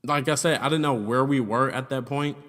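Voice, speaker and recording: A man's voice: medium pitch, fairly quick, fairly bright tone. Young man, loose profane storytime, reverby room. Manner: loose and profane, heavy on "like" and "you know what I'm saying". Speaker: YouTuber telling a story. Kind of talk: casual storytime.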